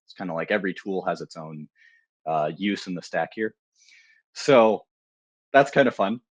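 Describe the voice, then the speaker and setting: A man with a very low voice walks through a live software demo, speaking loosely and informally with plenty of "um"s and restarts. The sound is dry and close, with little room around it. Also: animated, normal speed, no room sound. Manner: casual, loose, with many fillers and restarts. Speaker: security researcher presenting a tool. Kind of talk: live technical demo talk.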